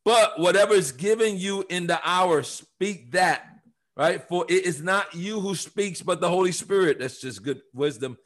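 Emphatic high-voiced man teaching scripture. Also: moderate pace. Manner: emphatic preaching, quoting scripture, rising to shouts. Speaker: Bible teacher. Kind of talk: podcast Bible study.

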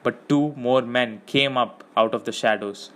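A man narrating an audiobook with steady, measured reading. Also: medium pitch.

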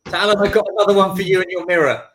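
A man's voice: high voice, steady tone, very fast, a crowd in the background. A man hosting a casual video call, joking and stumbling over restarts. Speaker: host.

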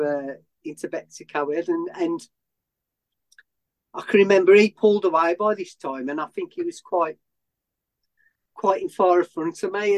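A man, a runner being interviewed, who tells a long story in a rambling way with many restarts and self-corrections. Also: high-pitched. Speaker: ultrarunner guest.

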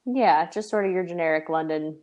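This Tennessee woman talks a little fast in a fairly low, darkish voice, her Southern accent light. As a podcast co-host, she keeps the chat casual and chatty, sprinkling in plenty of "like" and "um."

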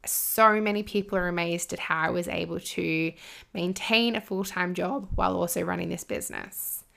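A woman speaking earnestly and emotionally to her listeners, swearing freely and pausing often as a spiritual coach. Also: lowish voice, steady tone, gravelly, pushed and bright. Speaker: spiritual coach and business owner. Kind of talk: heartfelt personal monologue.

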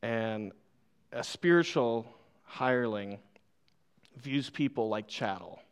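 A man's voice: medium pitch, slow pace, clear, resonant tone. A young man preaching a sermon, telling a funny childhood story and laughing often at himself before turning to scripture. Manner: playful, laughs often, self-deprecating. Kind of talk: sermon with personal stories. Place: church.

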